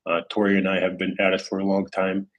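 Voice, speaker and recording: A man's voice: low-pitched, completely flat delivery, quick pace, low-quality recording. A man hosting a casual livestream, rambling with many fillers and restarts while he reads out chat comments. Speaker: crypto livestream host.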